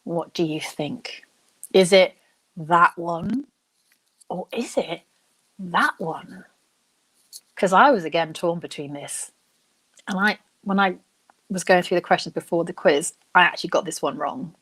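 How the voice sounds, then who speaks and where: A young woman hosting a live online quiz, chatting and thinking out loud, reading each question slowly and then repeating it. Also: fairly low pitch, husky. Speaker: quiz host.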